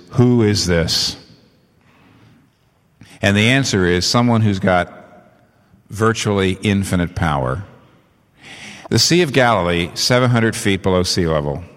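A man preaching a sermon in a low voice, animated, his voice jumping up sharply to drive a point home. A long reverb hangs on every word, as in a big hall. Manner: animated, rising in pitch for emphasis. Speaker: pastor.

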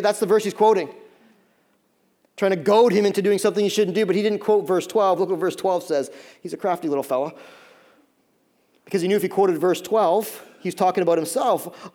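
A man in his thirties delivers a sermon in a high voice. He tells stories animatedly, jumping into little acted-out voices, with many fillers and restarts. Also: quick pace, mellow. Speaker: pastor.

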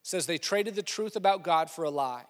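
Male pastor, sermon, high voice, animated, loud exclamations and quiet asides, long hall reverb. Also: a little fast.

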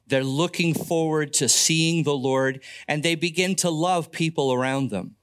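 Older male pastor, slightly high voice, unhurried earnest sermon delivery, folksy asides. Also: smooth.

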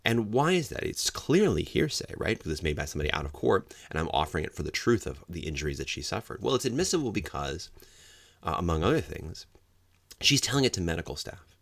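A man's voice: deep voice, sing-song, fast, vocal fry, no room sound. A middle-aged man lecturing law enforcement on the hearsay rule, explaining step by step and acting out the examples he quotes. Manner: explanatory, acts out quoted examples with sudden loud outbursts. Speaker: legal trainer for law enforcement.

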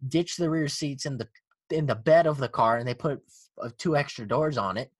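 A man's voice: on the high side, normal speed, husky, no echo. A man hosting a casual car podcast, swearing and laughing as he rants. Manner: profane, animated, laughing ranter. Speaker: podcast host.

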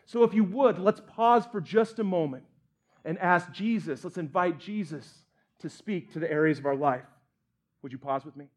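A man's voice: high voice, moderate pace. A man pastor preaching a sermon in an earnest, candid way with light humor.

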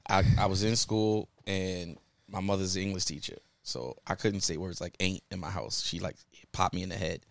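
A young man from New York on a podcast, chatting casually and telling animated stories in which he acts out what others said. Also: deep voice, moderate pace, gravelly, hardly any pauses. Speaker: podcast co-host. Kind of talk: casual chat.

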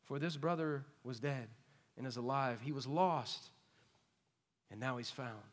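Man as a gracious father, soft and tender, slow, long hall reverb. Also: mid-range voice, pitched below the performer's own voice, natural voice. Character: gentle, gracious old father pleading with his son.

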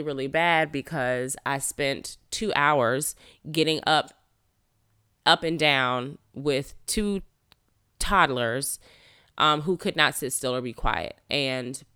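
A woman, frankly telling a personal story about her toddlers, animated and swearing a little. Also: low voice, clean tone, dry recording, studio quality. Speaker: mother of toddlers.

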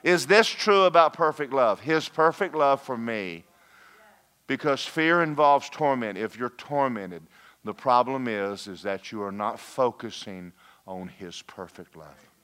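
A man preaching a lively sermon, folksy and animated, slipping into mock voices and asides to the congregation. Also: mid-range voice, unhurried, smooth. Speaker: pastor.

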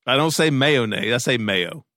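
A man hosting a radio show with a lively, swooping voice and a bright edge. He laughs often and swears casually while chatting with his co-host. The sound is dry and close. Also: mid-range voice, quick pace, dry recording.

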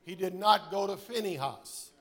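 A man's voice: sits high, moderate pace, fairly bright tone. A male pastor preaching a sermon in a church, speaking emphatically and directly to his congregation.

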